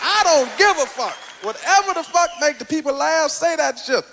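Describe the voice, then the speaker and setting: A man doing stand-up comedy, telling a profane story with shouted punches on a stage. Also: extremely high pitch, lively intonation, moderate pace, noisy background. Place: stage before a live crowd in a hall. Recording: hall reverb with faint crowd.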